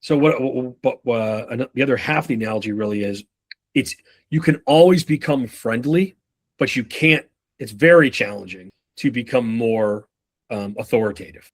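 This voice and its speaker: A man in his thirties, speaking at medium pitch and a moderate pace, gives a casual sales training talk laced with profanity. Along the way he acts out short bits playing customers and reps.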